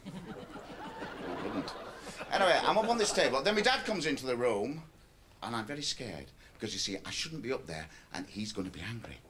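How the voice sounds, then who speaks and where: A cynical, middle-aged stand-up comic in a radio play. His voice is bright and forward, and it jumps wildly through its pitch range. He talks in a chatty, lecturing way. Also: very animated, a little fast, a little hiss or hum. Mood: stand-up patter. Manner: chatty, lecturing, shifts into a club comedy routine. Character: aging male stand-up comic, cynical and wheedling. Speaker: comedian.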